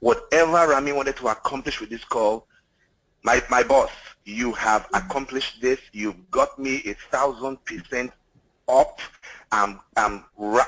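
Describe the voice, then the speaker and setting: A man's voice: mid-range voice, fairly bright tone, poor audio. A man speaking on a group call, gushing and repetitive while trying to keep his voice down. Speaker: team leader on a group call. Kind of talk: excited testimonial on a conference call. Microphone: online call audio.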